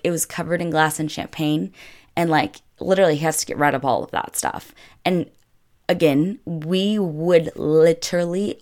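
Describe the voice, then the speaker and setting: For her vlog, a young woman from the United States shares the story of a travel mishap in a deep, somewhat mellow voice. She chats casually and fills nearly every line with "like."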